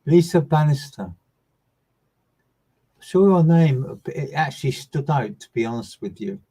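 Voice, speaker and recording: A man working as a medium, giving live online readings in a soft, soothing, repetitive way that often trails off quietly. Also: fairly high pitch, lively intonation, unhurried, breathy edge, poor audio.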